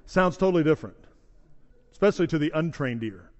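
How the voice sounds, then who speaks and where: A man's voice: on the high side, lively intonation, a little fast, a little mellow, long reverb tail, lo-fi sound. A man preaching a sermon in a conversational way, acting out the voices of bystanders in the story. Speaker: pastor. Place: church sanctuary.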